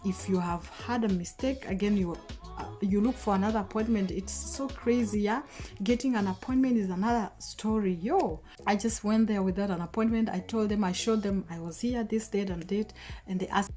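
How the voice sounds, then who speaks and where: Woman, vlogger, emotional storytelling, warm mellow tone, faint background music. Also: mid-range voice. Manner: emotional, animated retelling with quoted dialogue. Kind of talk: casual storytelling to camera.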